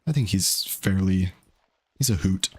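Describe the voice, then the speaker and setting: A man's voice: deep voice, a little slow, slightly rough. A young man casually chatting while streaming a game, rambling and laid-back. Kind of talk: casual gaming stream chat.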